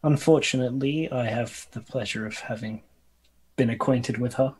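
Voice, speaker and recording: A man's voice: mid-range voice, normal speed, a little mellow, slight background noise, rough recording. A man playing his character in a tabletop game, speaking politely and courteously. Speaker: player.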